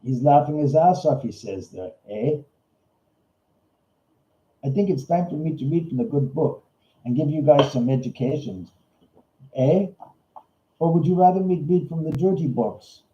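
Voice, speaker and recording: A man's voice: on the high side, normal speed, long pauses, dark tone, natural voice. A man putting on a goofy Canadian ghost hunter, eh. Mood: joking. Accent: put-on Canadian. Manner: jokey, ends lines with "eh", calls people hosers. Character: goofy stoner male Canadian ghost investigator. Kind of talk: comic bit on a livestream. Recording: roomy, slightly dull livestream audio.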